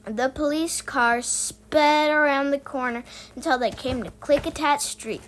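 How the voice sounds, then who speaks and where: A woman reading a children's book aloud, lively and voicing the sound effects. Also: high voice, measured pace, poor audio. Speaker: reader.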